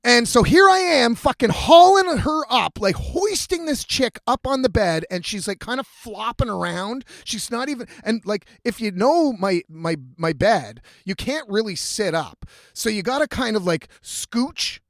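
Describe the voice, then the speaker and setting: A man's voice: extremely high pitch, expressive, a little slow, fairly bright tone, no echo, clean studio sound. A man hosting a podcast, telling a story in a profane, exasperated rant. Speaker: podcast host. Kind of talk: comedic storytelling.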